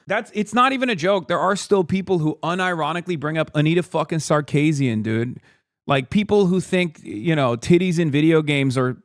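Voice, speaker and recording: A streamer with a mid-range voice fires off a heated livestream commentary rant, profane, exasperated, and mocking. The recording is dry, with clean studio sound.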